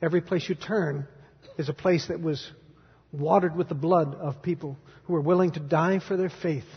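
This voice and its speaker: A man preaching a sermon as pastor, telling stories dramatically and moving from hushed to loud. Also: a little high, breathy edge. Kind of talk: sermon with storytelling. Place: church sanctuary. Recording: dull recording in a reverberant hall.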